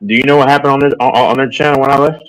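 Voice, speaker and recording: A man's voice: mid-range voice, fairly even intonation, rapid-fire, fairly bright tone, rough recording. A man chatting casually on a live stream, rambling and joking as he answers the chat.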